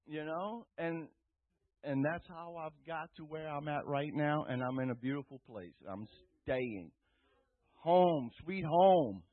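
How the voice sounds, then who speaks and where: A man's voice: on the high side, a little slow. Earnest man giving church testimony. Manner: earnest, rambling, rises loud when quoting himself. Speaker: testimony speaker. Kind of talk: personal testimony to a church group. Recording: dry tinny phone-like sound.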